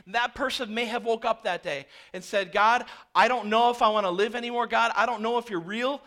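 A male pastor in his thirties delivers a sermon in a lively storytelling manner, slipping into the voices of the people in his anecdotes. His voice sits high and sounds bright. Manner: animated storytelling, acting out dialogue. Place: church.

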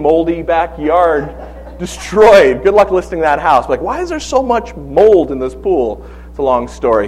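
Man preaching, forties, somewhat high voice, lively storyteller, jokey asides, sermon. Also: rough recording. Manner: storytelling, animated, humorous asides. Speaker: pastor.

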